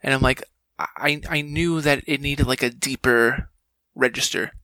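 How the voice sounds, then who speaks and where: Gravelly, bright-voiced man telling a story. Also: medium pitch, unhurried, dry recording, low-quality recording. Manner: animated, acts out quoted dialogue. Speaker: guest, game voice actor. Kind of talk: casual storytelling.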